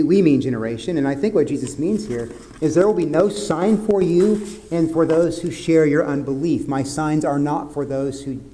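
A man preaching a sermon as pastor, in an earnest way that drops to soft, grave tones. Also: on the high side.

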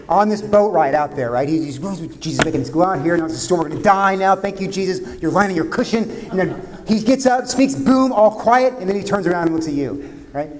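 A man preaching a sermon, talking conversationally, retelling scenes vividly and dropping suddenly quiet at times. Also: high-pitched, a little hiss or hum. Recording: long hall reverb.

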